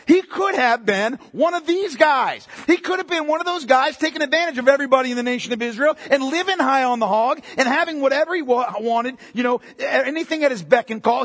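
A middle-aged man preaching a sermon in an animated, conversational way, asking listeners direct questions. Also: very high-pitched, in a large hall. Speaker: pastor.

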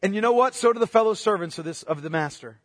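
High-voiced impassioned male preacher. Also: lively intonation, fast, dry recording, clean studio sound, in a large hall. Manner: impassioned, rhetorical questions, swings from loud to hushed. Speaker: pastor. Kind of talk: sermon.

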